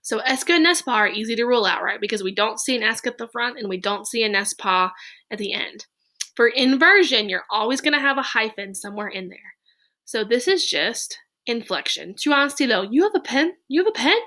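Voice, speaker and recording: A woman's voice: fairly high pitch, lively intonation, brisk, bright, forceful tone. A woman teaching French question forms to a class, explaining patiently and step by step. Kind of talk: classroom lesson on slides.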